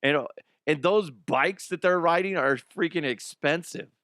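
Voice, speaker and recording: A man's voice: on the high side, measured pace, a bit bright, no room sound, studio quality. Rambling profane male comedy host. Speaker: podcast host. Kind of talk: comedic news commentary.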